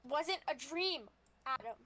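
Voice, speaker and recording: A woman voicing an earnest, shaken young female vampire in a tabletop game, talking in halting, stammering restarts. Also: sits high, steady tone, a bit bright. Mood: insistent.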